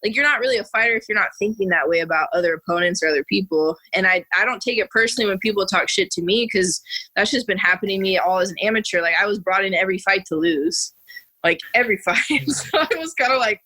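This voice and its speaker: A young woman, a professional fighter and podcast guest, chatting casually with frequent fillers and quick laughs. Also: medium pitch, bright, forceful tone, slightly rough, rough recording.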